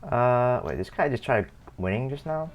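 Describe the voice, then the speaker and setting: During a live gaming stream, a young man chats in a rambling, self-correcting way, chuckling as he plays. He has a mid-range voice with lively intonation and a moderate pace.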